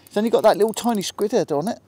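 An angler vlogger with a Hampshire accent keeps up a rapid-fire, relaxed running commentary while fishing from a small boat, chatting to both the fish and his viewers. His voice sits slightly high, mellow and soft around the edges, with faint outdoor sounds in the background.

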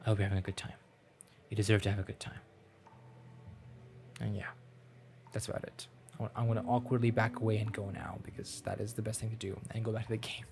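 A man's voice: fairly low pitch, level tone, fast talker, vocal fry, pauses often, darkish tone, a little hiss or hum. A man chatting casually to viewers while playing a game, rambling and self-deprecating. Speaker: streamer. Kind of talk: casual let's-play chat.

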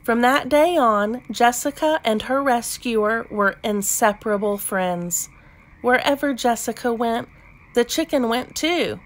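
Lady reading a kids' book out loud, slow and gentle, slightly high voice. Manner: gentle, unhurried, expressive. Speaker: storybook reader. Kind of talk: children's read-aloud narration.

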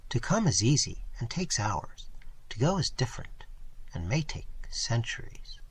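A man voicing a mysterious young noblewoman in an audiobook, speaking softly in a hushed, half-whispered way. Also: mid-range voice, big pitch swings, a little slow, breathy edge, heavily acted. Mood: dreamy. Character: mysterious young noblewoman, gentle, dreamy, sad. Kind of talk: audiobook reading.

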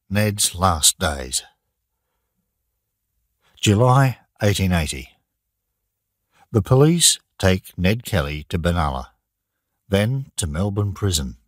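Deep husky guy narrating a learners' audiobook, slow and lively, dry sound. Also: no room sound. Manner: slow, plain, deliberate reading for learners. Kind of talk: graded-reader audiobook narration.

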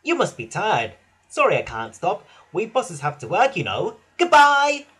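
A man's voice: on the high side, very animated, normal speed, a bit bright, slightly rough, full character voice. A man voicing a cheeky male bus who talks in a cocky, teasing way.

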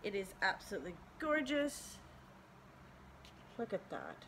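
A chatty, enthusiastic woman from Canada talks through a casual beauty unboxing at home, her pitch sitting mid-range. The home video carries a clear hum of background noise behind her voice. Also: wildly swooping pitch, a little slow, fairly bright tone, low-quality recording. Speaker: beauty channel host.

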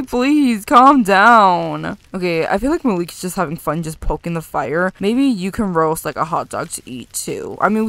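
Excitable young woman narrating gameplay. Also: mid-range voice. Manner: gushing, excitable, talks to her game characters. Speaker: gaming channel host. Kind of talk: casual let's-play commentary.

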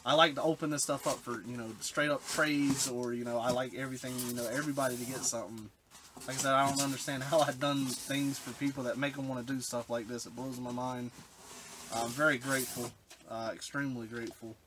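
The recording, marked by background hiss and clicks, captures a man unboxing retro games for his collector vlog. His mid-range voice is fairly quick with fairly even intonation, and he's so choked up he often trails off mid-sentence.

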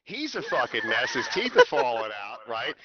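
A man's voice: on the high side, wildly swooping pitch, normal speed, sharp tone, breathy edge, no room sound. A man telling a profane, comic story as a rant to friends over a headset. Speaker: server host ranting to friends. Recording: dull lo-fi voice chat.

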